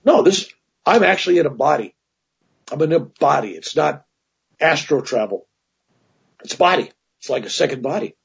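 A man's voice: a little high, animated, moderate pace, vocal fry, long pauses, breathy edge. A man casually telling a personal story as an interview guest, rambling, with many restarts and asides. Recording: dull lo-fi recording.

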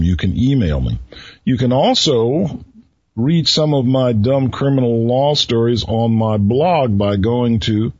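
A man hosting a radio talk show who tells riddles to his listeners slowly, repeating each one and pausing before the answer, with a folksy manner. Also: medium pitch, very animated, a little mellow, breathy edge, dry recording. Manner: folksy, chuckles at his own jokes. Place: radio studio. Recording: dull lo-fi radio recording.

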